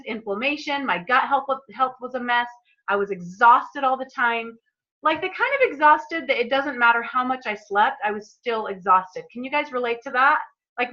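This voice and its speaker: A woman's voice: fairly high pitch, bright, forceful tone, dull audio. A woman talking casually to a group on a call, chatty and earnest, openly emotional as she shares her story. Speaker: product presenter.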